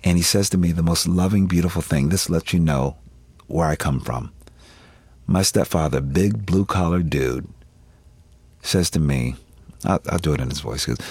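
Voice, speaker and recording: A man's voice: low voice, normal speed, long pauses, darkish tone, slightly rough, dry recording. A man in his fifties, a guest in an interview, candidly telling family stories and laughing often as he acts out relatives' voices. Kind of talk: candid personal storytelling.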